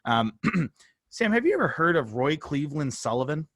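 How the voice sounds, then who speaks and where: A man's voice: on the high side, sing-song, moderate pace, fairly bright tone, no echo, studio quality. A man co-hosting a casual sports podcast, rambling and joking, swearing freely. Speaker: podcast co-host. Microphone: phone held up, on video.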